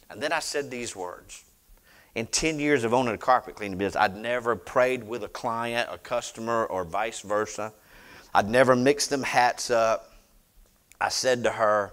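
A middle-aged man, preaching a sermon as he tells a personal story, swinging from loud declarations to hushed retellings. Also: mid-range voice, a little fast. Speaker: pastor.

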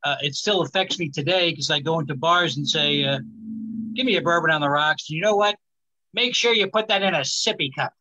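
A male stand-up comedian on a live stage, delivering his set with a halting manner and many "uh" fillers. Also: a little high, bright, forceful tone, lo-fi sound. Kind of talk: stand-up routine.

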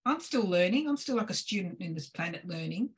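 A woman, a guest on a video call, telling lively stories about home cooking and cheese-making with laughs along the way. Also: fairly low pitch, a little fast, husky. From Australia. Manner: lively, laughing, gestures while cooking talk. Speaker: guest presenter. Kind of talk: animated storytelling on a video call.

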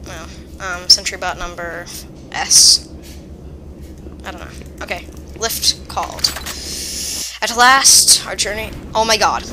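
A woman giving chatty, excitable, rambling commentary while playing a video game. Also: medium pitch, slight background noise, low-quality recording. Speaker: let's play gamer. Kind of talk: casual gameplay commentary.

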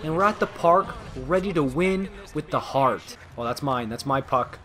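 Excitable young man trash-talking over gameplay. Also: on the high side, normal speed. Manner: excitable, trash-talking, swings between muttering and yelling. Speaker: gaming video host. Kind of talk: live gameplay commentary.

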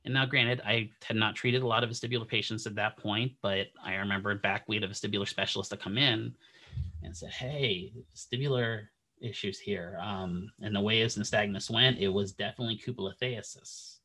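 Husky man telling a classroom story. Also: lowish voice, a little fast. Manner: animated anecdote-telling, acts out quoted dialogue. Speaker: physical therapy instructor.

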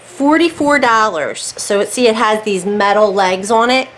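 A woman's voice: medium pitch, animated, normal speed, slight background noise, poor audio. A woman vlogging about her crafts in a casual, rambling way, often breaking off and starting sentences again. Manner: chatty, rambling, self-interrupting. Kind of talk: casual chat. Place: warm room at home.

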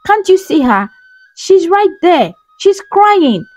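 A woman's voice: high-pitched, very animated, moderate pace. A woman voicing a terrified, guilty man who pleads in a trembling voice, in a storybook tale. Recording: soft music behind.

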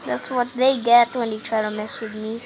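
A woman's voice: a little high, level tone, moderate pace, a crowd in the background, poor audio. A young woman giving casual, joking commentary over her own gameplay, often exasperated. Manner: frustrated, joking, sings silly bits. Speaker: gaming vlogger.

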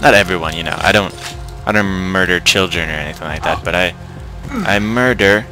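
With game music running in the background, a young male gameplay commentator delivers casual let's-play commentary, cracking jokes and addressing the on-screen enemies. He speaks in a low voice at a fairly quick pace.

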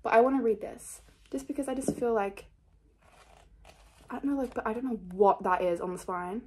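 Rambling young woman, slightly high voice. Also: normal speed, noisy background. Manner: rambling, scattered, self-mocking, many fillers. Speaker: book vlogger. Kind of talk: casual chat.

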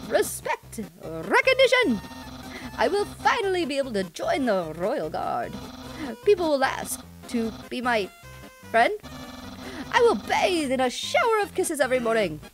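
A woman voicing a loud, grandiose, eager male skeleton from a video game, reading his lines aloud. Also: high-pitched, sing-song, measured pace, faint music behind, pitched above the performer's own voice. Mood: boastful.

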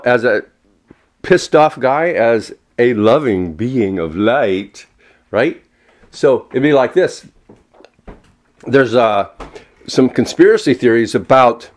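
A man in his seventies ranting alone at home, swearing a lot and swinging between angry outbursts and a soft, mock-gentle tone. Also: mid-range voice. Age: 70s. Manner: frequent swearing and self-mocking laughs. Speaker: vlogger. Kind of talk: unscripted solo rant. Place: walking around indoors at home.

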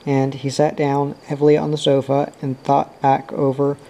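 A man reading a novel aloud as an audiobook narrator, in a steady and subdued way. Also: medium pitch, moderate pace, vocal fry, low-quality recording. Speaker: audiobook reader.

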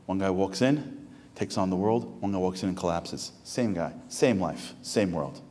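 In a reverberant synagogue hall before a live audience, a rabbi delivers an impassioned sermon-lecture, firing off emphatic rhetorical questions. His low-pitched voice is a little mellow, with lively intonation and a normal speed.

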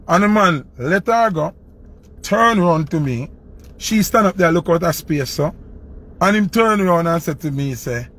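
A man with a Jamaican accent, a dancehall selector telling a personal story in an animated, rambling way. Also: high-pitched, normal speed. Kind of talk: casual storytelling to camera.

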